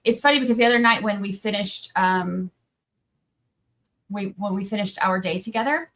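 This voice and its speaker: A woman's voice: mid-range voice, fairly even intonation, a little fast, fairly bright tone, rough recording. A woman chatting casually on a livestream, rambling and breaking off mid-sentence, tired from little sleep. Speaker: livestream trial commentator.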